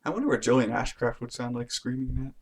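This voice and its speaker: A man giving casual commentary while playing a game, talking in a hushed, mumbling voice late at night. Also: mid-range voice, a little fast, heavy background noise. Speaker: let's play gamer. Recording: loud game music behind voice.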